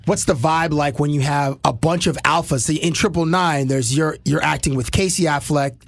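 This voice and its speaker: A man's voice: fairly high pitch, fairly even intonation, moderate pace, vocal fry, dry recording. A man hosting a casual interview, asking chummy, chatty questions. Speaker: interview host.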